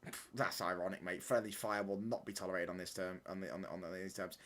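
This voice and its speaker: A man's voice: fairly low pitch, lively intonation, fast talker. A young man hosting a live football watchalong stream from home, reading out viewer chat and answering it with bantering, mock-indignant talk. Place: home room.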